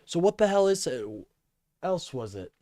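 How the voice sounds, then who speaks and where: A man's voice: fairly high pitch, big pitch swings, moderate pace, warm tone, dry recording, clean studio sound. A man live streaming commentary, ranting and swearing in exasperation.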